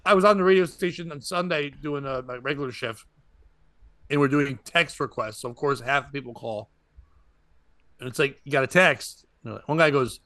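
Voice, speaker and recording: A man's voice: medium pitch, brisk, no echo. A man who hosts a podcast and works as a comedian, telling stories in casual chat and acting out the voices of people he quotes. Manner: animated, acts out quoted voices.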